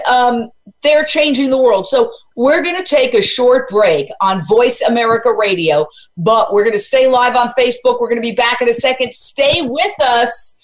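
A woman's voice: high-pitched, poor audio. A woman hosting a live radio talk show, talking with emphatic, urgent conviction.

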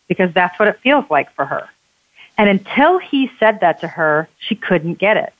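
A woman guest, a bodyworker and author, telling personal stories in a candid, expressive and emphatic way. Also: mid-range voice, moderate pace, no echo. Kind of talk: candid conversational storytelling. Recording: tinny phone line.

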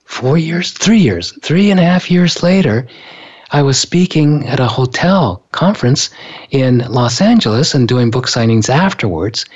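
A man's voice: mid-range voice, lively intonation, unhurried, breathy edge, highs cut off. A male author telling a personal story in conversation, earnest, and often repeating words as he recalls events. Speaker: author and speaker.

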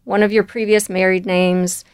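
A woman being interviewed, telling personal stories in a relaxed way and laughing easily. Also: mid-range voice, normal speed, clear, resonant tone, no echo, clean studio sound. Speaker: guest, volunteer and coach. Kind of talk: conversational interview.

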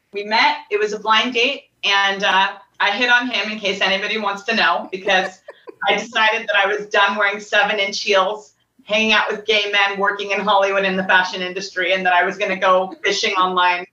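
A woman's voice: mid-range voice, pushed and bright. A woman guest chatting about her life in a playful, talkative way. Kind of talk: casual storytelling. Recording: distant echoey lo-fi call audio.

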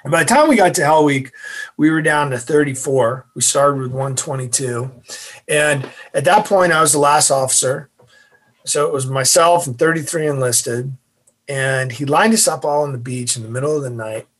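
A man's voice: medium pitch, moderate pace, a bit bright. A man, a former navy officer, telling a story as a guest in an interview, acting out the voices.

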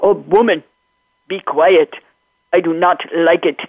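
Woman doing a gruff, irritable bull elephant. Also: on the low side, slow, dry recording, pitched below the performer's own voice. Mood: irritated. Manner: gruff, commanding, impatient. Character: huge irritable male one-tusked elephant. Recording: tinny phone-like recording.

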